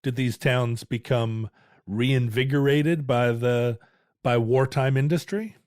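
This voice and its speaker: A man in casual podcast conversation who asks curious questions and drops dry one-liners. His pitch is middling for a man. The recording is close and dry. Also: slow pace, darkish tone, smooth, no room sound. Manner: inquisitive, dry wisecracks. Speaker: podcast co-host.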